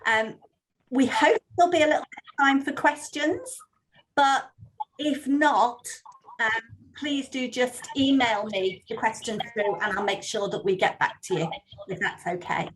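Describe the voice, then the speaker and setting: A woman's voice: a little high, measured pace, noisy background. Chatty woman hosting a video call. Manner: chatty, friendly, with many ums. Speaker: meeting host for volunteers. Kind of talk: online meeting talk.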